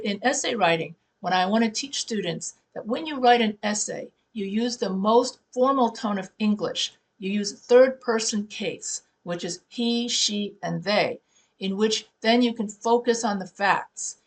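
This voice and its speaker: A woman who teaches writing, talking her students through tips in a conversational way and correcting herself as she goes. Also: mid-range voice. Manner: conversational, restarts and self-corrections. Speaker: writing professor. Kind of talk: classroom teaching talk.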